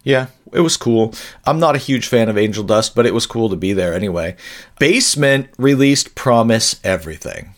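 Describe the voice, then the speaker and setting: A man's voice: on the low side, animated, normal speed. A man co-hosting a podcast in casual chat, rambling along with dry humor and frequent self-corrections. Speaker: podcast co-host.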